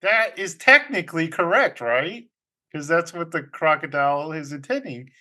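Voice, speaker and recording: A man hosting a casual group podcast, telling puzzles to his friends in an unhurried way and laughing often. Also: a little high, lively intonation, bright, forceful tone. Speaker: podcast host.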